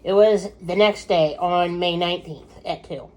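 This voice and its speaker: A woman's voice: lowish voice, measured pace, darkish tone, dull audio. A middle-aged woman chatting casually to camera with updates about her husband, rambling with lots of fillers and asides.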